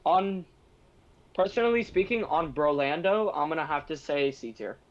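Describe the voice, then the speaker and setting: A man's voice: a little high, expressive, normal speed. Laid-back young man on a dull mic. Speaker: co-host. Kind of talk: casual chat.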